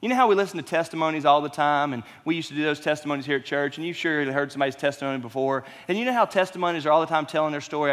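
A man's voice: fairly high pitch, rapid-fire, hardly any pauses, a bit bright, long reverb tail. A man preaching a sermon as pastor, conversational and emphatic, with frequent rhetorical questions.

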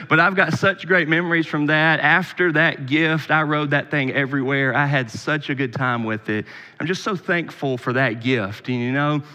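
Earnest pastor preaching in a reverberant hall. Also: male voice, mid-range voice, pushed and bright. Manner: conversational, earnest, with frequent restarts. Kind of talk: sermon.

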